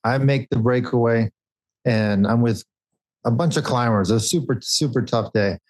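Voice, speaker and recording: A middle-aged man tells a race story on a casual podcast. He talks in quick bursts and cuts himself off mid-thought, and his pitch sits in the middle. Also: poor audio. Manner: animated anecdote with quick bursts and self-interruptions. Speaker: podcast co-host, former pro cyclist.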